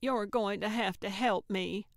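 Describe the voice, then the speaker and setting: A woman's voice: medium pitch, unhurried, no echo, clean studio sound, lightly acted. A woman doing a blunt, cantankerous old lady sleuth. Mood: blunt defiance. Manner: blunt, stubborn, needling. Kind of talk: audiobook character voice.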